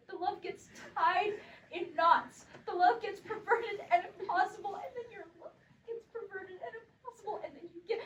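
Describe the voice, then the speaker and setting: A young woman playing a haunted, pleading character in a theatrical stage monologue, her voice breaking into tears and shouts. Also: very high voice, slight background noise. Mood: anguished. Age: young adult. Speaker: stage actor. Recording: distant live stage recording.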